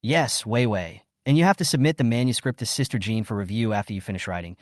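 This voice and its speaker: A man's voice: lowish voice, fast, dry recording, clean studio sound, natural voice. A man voicing a worried young woman coworker who warns her friend.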